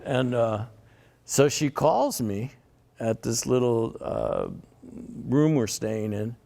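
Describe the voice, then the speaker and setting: A man's voice: medium pitch, very animated, takes it slowly, vocal fry, dark tone. An older man telling a long personal story in a rambling conversational way, repeating words and laughing often. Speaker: interviewee.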